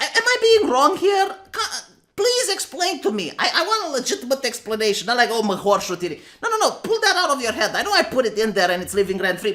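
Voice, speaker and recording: A woman's voice: fairly high pitch, bright, forceful tone. A woman from Romania giving an exasperated, sarcastic commentary rant, reading out posts and repeating herself. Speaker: commentary streamer. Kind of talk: ranting commentary reading tweets.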